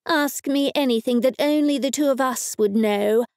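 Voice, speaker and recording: A woman's voice: high voice, moderate pace, a little mellow, dry recording, studio quality, voice pushed up. A woman with an Australian accent voicing a cheeky female punk rocker ghost possessing an older woman. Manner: bold, cheeky.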